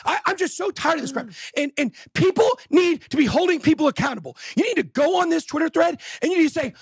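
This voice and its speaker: A man hosting a live show, ranting loudly and exasperated, often shouting. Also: extremely high pitch, lively intonation, fast, few pauses, no room sound, studio quality. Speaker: show host. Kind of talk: heated rant on a live show.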